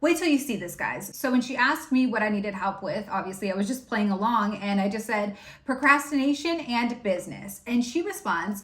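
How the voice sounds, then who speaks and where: Commentary host, woman, sarcastic and profane, higher voice, roomy echo. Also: animated, moderate pace. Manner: mocking, profane, sharply sarcastic.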